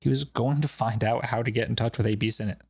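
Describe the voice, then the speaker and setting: A man's voice: mid-range voice, steady tone, quick pace, creaky, slightly rough, no room sound, studio quality. A man hosting a podcast, telling stories in a loose, laughing way with plenty of swearing. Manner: laughing, profane, loose storytelling. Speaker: podcast host. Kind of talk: casual chat.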